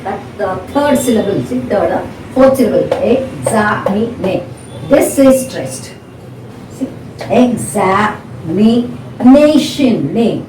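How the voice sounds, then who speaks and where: Woman english teacher going over examples patiently, slightly high voice, roomy echo. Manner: explanatory, repeats example words slowly with checks like "got it?". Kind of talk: classroom-style video lesson. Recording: echoey room, voice from a distance, faint noise.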